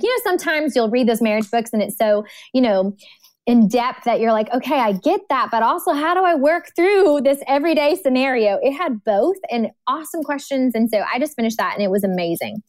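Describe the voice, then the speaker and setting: A woman's voice: fairly high pitch, a little mellow, no room sound. A woman guest on a podcast, telling personal stories in an earnest, heartfelt way. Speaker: podcast guest, ministry speaker. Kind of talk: casual interview chat.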